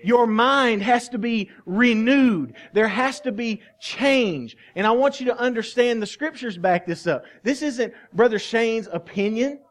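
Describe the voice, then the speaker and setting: A man preaching a sermon as pastor of a church, emphatic and earnest, dropping to a hushed voice and then rising again. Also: very high voice, unhurried, hardly any pauses. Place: church sanctuary.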